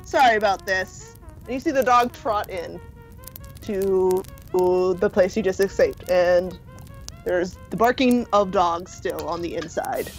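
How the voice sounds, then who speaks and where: A woman narrating a tabletop game as game master, slow and hesitant with many fillers. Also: fairly low pitch, darkish tone, soft background music.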